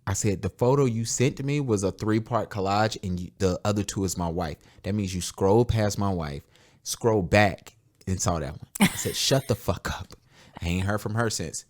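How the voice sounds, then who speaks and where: A man's voice: on the low side, moderate pace. A young man with a Southern US accent, hosting a casual podcast and telling loose, profane stories. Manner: loose, profane storytelling with animated voices. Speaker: podcast host.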